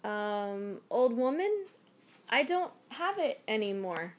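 A woman's voice: a little high, sing-song, takes it slowly. A woman storyteller voicing a kindly, selfless old man who speaks soothingly. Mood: gentle. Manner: soothing, reassuring.

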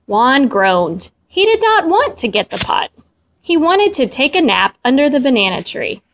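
Slow, expressive woman reading a storybook. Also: high-pitched. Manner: slow, expressive read-aloud. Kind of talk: reading a children's storybook aloud.

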